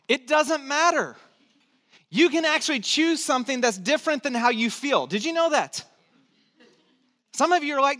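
Man, pastor, sermon, high-pitched voice, emphatic, repetitive, conversational. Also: lively intonation, moderate pace, pauses often, pushed and bright. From born in Texas, raised in California. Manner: emphatic, repeats key phrases, conversational asides.

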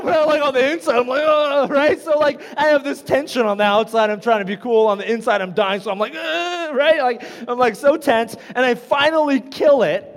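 A man in his thirties preaching a sermon, telling funny self-deprecating stories in an animated way. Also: high voice. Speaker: pastor. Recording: long reverb of a large hall.

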